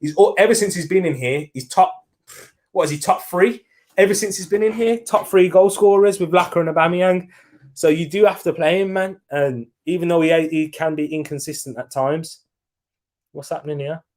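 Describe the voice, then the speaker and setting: A man's voice: fairly high pitch, normal speed, darkish tone. A young man hosting a live football watch-along, chatting casually, reacting to the match and answering viewer comments.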